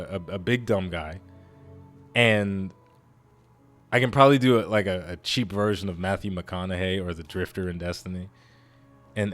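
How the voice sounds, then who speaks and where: Low-voiced excitable gaming commentator. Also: male voice. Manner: excitable, rambling with restarts. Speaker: let's play host. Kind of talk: casual gameplay commentary.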